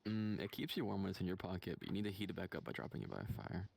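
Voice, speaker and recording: Very low, raspy, gravelly woman gamer. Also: rapid-fire, darkish tone. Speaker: co-player on stream. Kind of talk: casual gaming chat.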